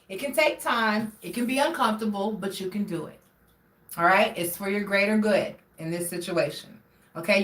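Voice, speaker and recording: A woman's voice: mid-range voice, a bit bright, roomy sound, recorded from a distance. A woman reading tarot cards on a live stream, talking directly to her viewers and often checking in with "all right?". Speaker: tarot reader.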